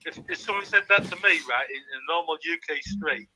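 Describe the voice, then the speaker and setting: A man calling in over his phone, with a very bright, forceful voice pitched a touch high. He rambles and swears through casual chat, checking again and again that he is followed. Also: fast, poor audio. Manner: rambling, swearing, keeps asking "do you know what I mean". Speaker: caller.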